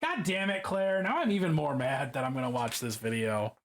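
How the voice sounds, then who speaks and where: Painting miniatures by himself in his room, a Baltimore man talks casually to his live stream in a medium-pitched, slightly fast voice. His chatter is profane, meandering and self-deprecating.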